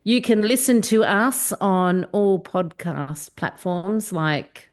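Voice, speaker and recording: A woman's voice: mid-range voice, lively intonation, slow. An Australian woman co-hosting a podcast, laid-back and cheeky in casual chat. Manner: laid-back and cheeky, swears and laughs freely. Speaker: podcast co-host.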